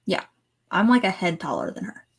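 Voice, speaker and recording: A woman co-hosting a casual podcast chat, talkative and quick to laugh while telling stories. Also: medium pitch, animated, vocal fry, husky. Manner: chatty, laughs easily, tells stories. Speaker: podcast co-host.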